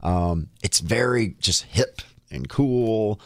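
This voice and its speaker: A man in his forties co-hosting a podcast, relaxed and chatty, laughing easily. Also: on the low side, slow pace, gravelly, no room sound, studio quality. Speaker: podcast host. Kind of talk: casual chat.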